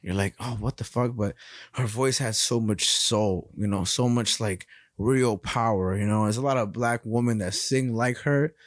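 A man's voice: on the low side, a little slow, dry recording, studio quality. A young man co-hosting a podcast, telling rambling stories in a casual, profane way. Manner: rambling, profane, animated storytelling. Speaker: podcast co-host.

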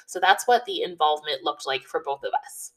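A woman giving casual, relaxed wedding planning advice, talking chattily with lots of "you know" and "like". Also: low-pitched, brisk, far from the mic, rough recording. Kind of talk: casual advice talk to camera.

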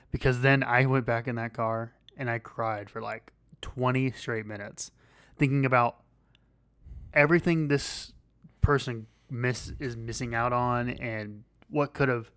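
A man co-hosting a podcast in casual chat, rambling and halting with many fillers and restarts. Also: medium pitch, a bit bright, clean tone, no echo. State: losing his voice. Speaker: podcast co-host.

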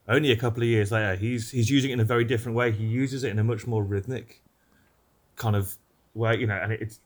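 A British man with a low voice explains the music with clear enthusiasm. He keeps it casual and chatty, stopping to pick his words. This is a relaxed podcast talk. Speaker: podcast co-host. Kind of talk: casual chat.

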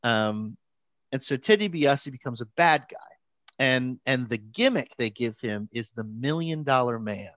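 A man telling a long story in casual chat, animated, with frequent restarts and fillers. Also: mid-range voice, a little slow, no echo.

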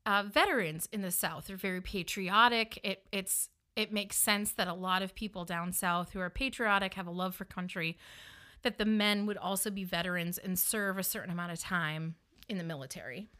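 A woman's voice: medium pitch, moderate pace, pushed and bright. A woman from the northern United States, with a Northern US accent, chatting casually as she tells her story and filling her speech with "like" and "you know.". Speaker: funeral director telling her story.

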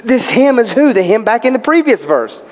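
A man's voice: very high voice, big pitch swings, normal speed. A male pastor preaching a sermon, emphatic, posing questions and answering them himself. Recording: long hall reverb.

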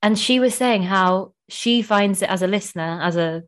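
A young woman talks warmly and excitedly on her podcast, her speech full of "like" and quick restarts. Her voice sits at a middle pitch, and she sounds emotional and chatty. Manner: gushing, emotional, heavy use of "like". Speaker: podcast host. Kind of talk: casual chat.

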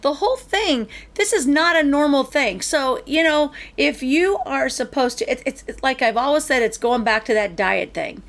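High-voiced woman telling a ranting story. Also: moderate pace, hardly any pauses. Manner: animated storyteller, ranting and acting out exchanges. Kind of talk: casual chat.

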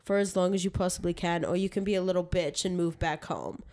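A woman's voice: fairly low pitch, fast, crowd noise. A woman co-hosting a podcast in casual chat, teasing her friends and laughing often. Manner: giggly, teasing, lively banter. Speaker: podcast co-host.

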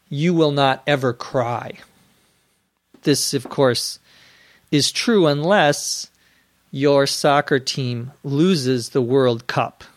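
A man teaching English on a podcast, explaining words slowly and clearly, spelling some of them letter by letter, with a dry sense of humor. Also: a little high, dry recording.

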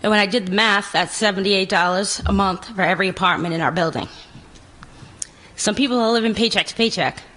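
A woman's voice: medium pitch, a little fast, fairly bright tone, low-quality recording. A woman, a tenant, giving a plain, indignant public comment at a city council meeting.

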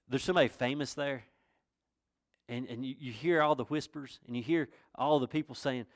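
A man's voice: a little high, expressive, moderate pace, dry recording, clean studio sound. A man pastor from North Carolina with a Southern accent, preaching a sermon in a folksy, conversational way that rises to emphatic questions. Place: church.

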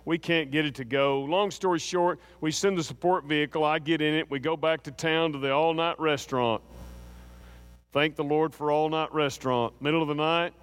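A middle-aged man from Texas telling an animated, folksy anecdote, acting out voices with asides to the listener. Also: on the high side, moderate pace, clear, resonant tone. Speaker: storyteller. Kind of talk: anecdotal storytelling.

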